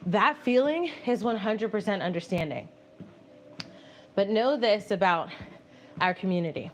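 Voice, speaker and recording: A woman hosting a live stream, chatting casually with viewers while walking on a treadmill, animated and often laughing. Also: mid-range voice, unhurried, slight background noise. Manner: animated, laughing, reads viewer messages aloud and answers them. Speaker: livestream host reading chat. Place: home, indoors on a treadmill.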